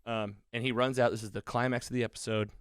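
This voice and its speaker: A man's voice: medium pitch, level tone, quick pace, smooth, no echo, studio quality. A man co-hosting a podcast, casually retelling a TV episode in a loose, rambling way with fillers. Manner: loose, rambling, with many fillers and quoted lines. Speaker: podcast co-host. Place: podcast studio.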